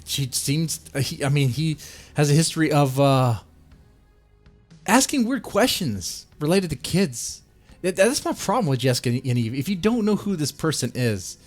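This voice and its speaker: A man hosting a live stream with casual, sarcastic commentary, rambling and often restarting mid-sentence. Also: medium pitch.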